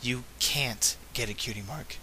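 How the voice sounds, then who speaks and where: A man voicing a sympathetic pony nurse who talks quietly and gravely. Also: mid-range voice, unhurried, slight background noise, low-quality recording.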